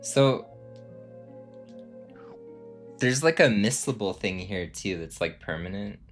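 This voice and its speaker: Rambling low-voiced man streaming a game. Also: lively intonation, normal speed. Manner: rambling, filler-heavy, self-amused. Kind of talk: casual game commentary. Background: game music.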